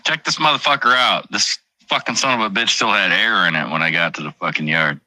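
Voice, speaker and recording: Low, sharp-edged profane man rambling. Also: a little fast, low-quality recording. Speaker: truck driver streamer. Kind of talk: casual livestream chat.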